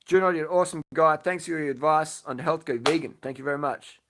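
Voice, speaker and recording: Lying in bed at home, a man with a slightly raised pitch answers questions during a casual late-night live stream. He speaks fast and bluntly, swears freely and repeats his points, with noise in the background.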